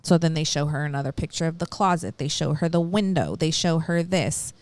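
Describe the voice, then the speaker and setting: A woman's voice: low voice, brisk, darkish tone, dry recording. A woman co-hosting a podcast, casually retelling a true-crime story, acting out quotes and swearing freely. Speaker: podcast co-host.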